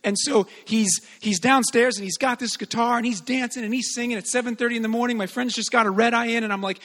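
A man giving an earnest, animated sermon-style talk on parenting, telling stories with many fillers. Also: high voice, fairly quick, long reverb tail. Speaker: speaker on parenting.

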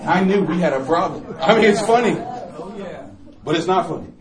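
A male preacher giving a sermon testimony, animated storytelling and laughing often, sometimes bursting into shouts. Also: high voice, a little fast, a crowd in the background. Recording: echoey room, from far off.

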